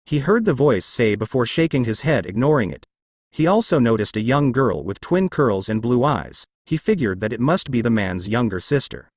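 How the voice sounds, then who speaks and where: Here a man performs a fan-written story solo, narrator and characters alike, with an expressive, constantly moving pitch. He reads at a moderate speed in a somewhat dark tone, and the close, dry audio has no echo or room around it.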